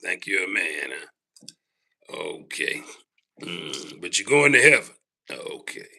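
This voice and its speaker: Sharp-voiced man ranting mockingly. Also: deep voice, sing-song, a little slow, gravelly, pauses often, slightly rough. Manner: mocking, repetitive, slangy, keeps saying "man" and "boy". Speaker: livestream host. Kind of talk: casual ranting monologue.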